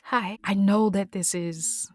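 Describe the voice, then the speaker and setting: A woman voicing a kind young princess who asks politely in a soft, slightly lifted voice. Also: medium pitch, fairly even intonation, takes it slowly, no echo, clean studio sound. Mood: gentle, polite.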